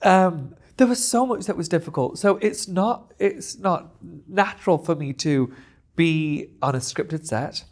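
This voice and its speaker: A man speaking as a guest in a casual interview, animated and expressive, often breaking into laughter. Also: fairly high pitch, unhurried.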